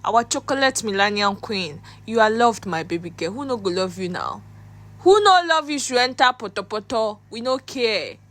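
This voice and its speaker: A woman's voice: on the high side, very animated, moderate pace, fairly bright tone. A woman with a Nigerian accent, hosting a celebrity gossip channel and chatting in a gushing way, mixing pidgin with English. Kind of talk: gossip commentary.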